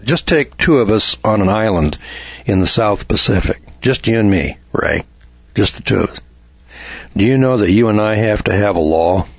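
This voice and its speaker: Husky-voiced man lecturing folksily. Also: fairly low pitch, lively intonation, moderate pace, no room sound. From United States. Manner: homespun, argumentative, acts out dialogue. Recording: dull dry lo-fi recording.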